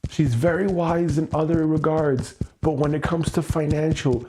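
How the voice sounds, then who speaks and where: A man's voice: fairly high pitch, unhurried, few pauses, darkish tone, a little hiss or hum. A man venting his frustration in an emotional livestream monologue, swearing and repeating himself. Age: adult with a child. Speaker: host.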